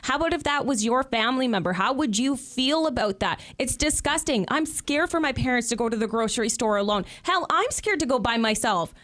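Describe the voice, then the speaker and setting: A woman's voice: a little high, expressive, brisk, hardly any pauses, a bit bright. A woman from Canada, a guest on a talk show, speaking in an indignant, emotional and outspoken way. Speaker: guest commentator.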